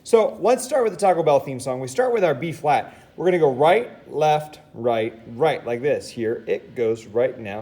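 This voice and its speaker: An upbeat man leads a children's percussion lesson, his voice bouncing around with lively pitch. He sits a little higher than most men and keeps things playful as he counts along with his students. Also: a little fast, hardly any pauses, noisy background. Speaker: music teacher. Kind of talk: friendly instructional lesson for kids.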